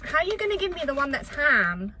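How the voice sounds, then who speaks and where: A chatty woman from England talks to her phone camera from inside her parked car. Her voice sits a little high, and her talk is rambling and self-deprecating. A faint hum runs underneath. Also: big pitch swings, fast, sharp tone, poor audio. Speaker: vlogger. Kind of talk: chatty shopping vlog. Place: in her car in a retail park.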